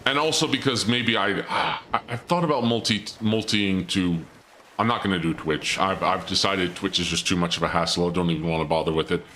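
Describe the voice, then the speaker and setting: A man's voice: low-pitched, brisk, pushed and bright, slight background noise. A male streamer chatting casually to his viewers and muttering self-critically while he plays a game. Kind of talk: casual gameplay commentary.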